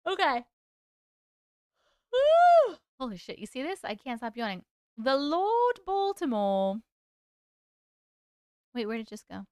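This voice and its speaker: A woman with a high, smooth, clear voice hosts a casual live stream. She chats loosely, greets viewers by name, laughs a lot and drops the odd swear. The sound is close and dry. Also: sing-song, moderate pace, pauses often, no room sound. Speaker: live stream host reading viewer stories. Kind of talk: casual live-stream chat and story reading.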